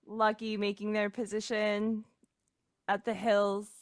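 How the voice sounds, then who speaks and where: A woman narrating a tabletop game as game master in a slow, relaxed way. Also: medium pitch, no echo, clean studio sound.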